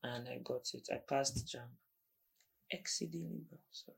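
A man, a guest telling his story in casual interview chat with quick asides. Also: mid-range voice, creaky. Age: 20s.

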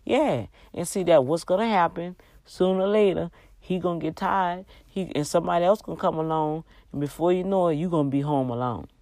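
Low and dark in tone, this woman's voice comes through a dry recording. She's a livestream host giving a casual faith talk, earnestly exhorting like a preacher and stretching out her emphasis, a bit tired and yawning at times.

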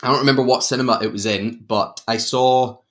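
A man with a Glaswegian accent talking films in a relaxed podcast chat. He gets animated, breaks off and restarts his sentences, and laughs often. His voice sits at an ordinary pitch for a man. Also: a little fast. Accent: Glaswegian Scottish. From Glasgow, Scotland. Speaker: podcast co-host discussing films. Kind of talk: casual chat.

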